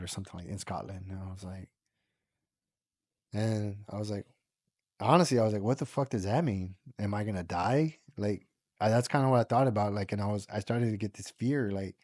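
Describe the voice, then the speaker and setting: A man's voice: fairly low pitch, darkish tone, no echo. A man from the United States telling a personal story in a casual, rambling way, full of fillers and the odd swear word. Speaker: podcast guest.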